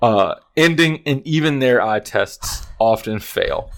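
A man's voice: mid-range voice, lively intonation, slow, creaky. A young man hosting a casual sports podcast, rambling with restarts and sarcastic asides. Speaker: podcast host. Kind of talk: casual chat.

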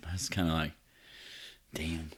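A man's voice: rumbling low, level tone, slow pace, a bit bright, husky. A man co-hosting a podcast, telling a story in a rambling, casual way with slang, cursing and laughter. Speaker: podcast co-host.

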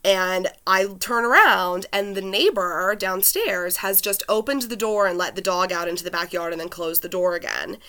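A woman with a bright, sharp-edged voice tells a personal story in relaxed conversation. She is chatty and animated and scatters "like" through her sentences. Her delivery stays loose and unscripted. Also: medium pitch, normal speed, hardly any pauses. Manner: chatty, lots of "like" fillers, animated retelling. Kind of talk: casual chat, telling a personal story.

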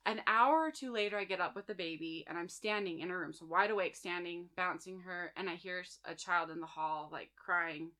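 A woman's voice: lowish voice, fairly quick, hardly any pauses, pushed and bright. A woman in her thirties chatting casually with friends, telling personal stories full of fillers and "like". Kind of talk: casual storytelling chat.

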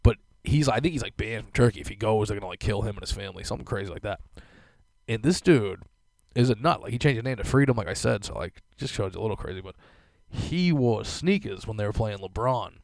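Ranting casually on his podcast, this young host swears a lot and fills his speech with fillers as he rambles. He talks quickly with lively intonation, and his fairly low, darkish voice has a creaky edge. There's no echo on the recording.

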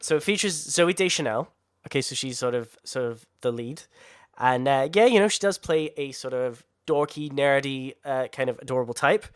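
A man co-hosting a casual podcast chat, animated and quick to swear and laugh. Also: mid-range voice, smooth. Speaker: podcast co-host.

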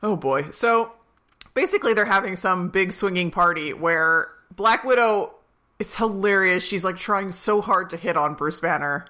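A woman's voice: on the low side, normal speed. A young adult woman co-hosting a casual podcast, recapping a movie with lots of laughter and acted-out quotes. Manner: animated, laughs often, acts out quotes. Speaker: podcast co-host.

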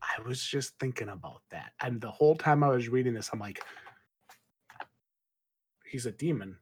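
A man co-hosting a book discussion podcast, calmly and thoughtfully floating his own theories in a relaxed, conversational way. His voice sits at an ordinary middle pitch for a man. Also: a little fast, slightly rough. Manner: thoughtful, speculative, laid-back. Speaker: podcast co-host.

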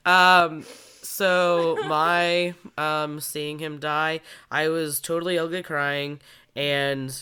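Bright, clear-voiced woman chatting. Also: sits low, extremely slow. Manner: animated storytelling, acts out her own sobbing. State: congested from a cold. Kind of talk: casual chat.

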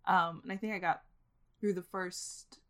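A woman's voice: on the low side, fairly even intonation, measured pace. A woman hosting a casual interview, often murmuring agreement and laughing along. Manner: warm listener, frequent agreeing murmurs. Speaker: host.

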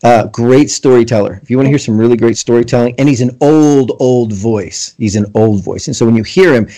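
A man's voice: mid-range voice, brisk, warm tone. A man hosting a podcast in casual chat, enthusiastic and laughing often, acting out his own thoughts as quotes. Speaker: podcast host.

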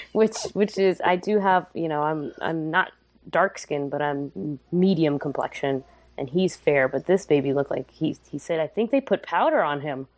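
A woman's voice: low-pitched, measured pace, darkish tone. A young woman telling a candid, humorous and emotional personal story in casual podcast chat.

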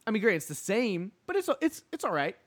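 A man's voice: sits high, wildly swooping pitch, a little fast. A man co-hosting a podcast in casual comedic chat, rambling and jokey as he riffs. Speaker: podcast co-host.

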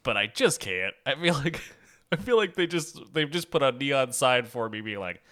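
Bright chatty guy on a podcast, lively and giggly. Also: mid-range voice. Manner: quick, laughs often, trails off. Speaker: podcast co-host. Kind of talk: casual chat.

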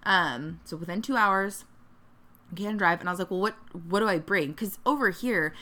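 A woman's voice: on the low side, normal speed, pushed and bright. A young woman co-hosting a podcast, telling a story in casual chat and acting out the quotes. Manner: chatty storyteller, acts out quotes. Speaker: podcast co-host. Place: Northern California.

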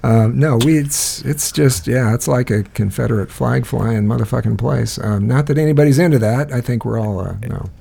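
A man's voice: medium pitch, normal speed, vocal fry, few pauses, mellow, a little hiss or hum. A man co-hosting a podcast, telling a rambling story in casual chat, with many restarts and frequent laughter. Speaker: podcast co-host.

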